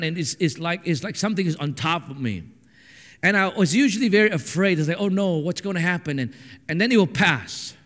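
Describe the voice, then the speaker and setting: A man preaching a sermon, telling stories with animated swings from hushed to shouting. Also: sits high. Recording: echoey hall with long reverb.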